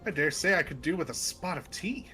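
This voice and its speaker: A man reading game dialogue aloud as a pompous gentleman inspector who is a grandfather, grandiose and declamatory. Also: fairly high pitch, animated, a little fast, soft background music, poor audio. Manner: grandiose, old-fashioned and declamatory.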